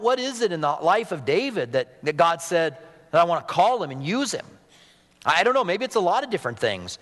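A man preaching a sermon as pastor, animated and fervent, dropping to soft intimate moments. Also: high voice, in a large hall.

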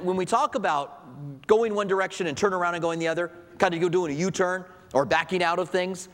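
A pastor preaches a conversational sermon to his congregation, asking rhetorical questions. His voice is fairly high-pitched and a bit bright, and the recording carries a long hall reverb.

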